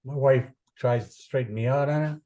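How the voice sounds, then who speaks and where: A man explains astrology in a loose teaching talk. His voice is mellow and warm, pitched mid-range. He wanders between points, repeats himself and fills pauses with "you know" and "um", leaning earnestly into a preaching cadence. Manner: rambling, with many fillers and repetitions. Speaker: astrologer teaching chart interpretation.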